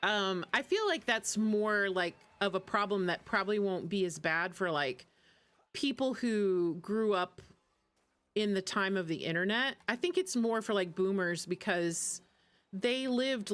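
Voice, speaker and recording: A woman's voice: medium pitch, a bit bright. A woman streaming a game and chatting casually in a rambling way, laughing often between asides. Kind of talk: casual chat while gaming.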